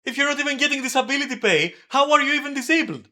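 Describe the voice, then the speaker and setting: Male streamer, high bright voice, angry profane venting. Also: expressive, very fast. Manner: heated, profane, yelling at times. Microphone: desk microphone.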